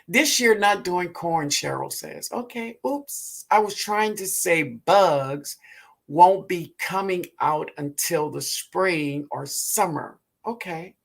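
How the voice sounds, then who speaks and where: New orleans lady hosting a garden livestream, slow and unhurried, bit of fry, calls everybody baby. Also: deep voice. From Louisiana, US. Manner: calls viewers baby, laughs often. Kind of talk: casual live chat reading viewer comments.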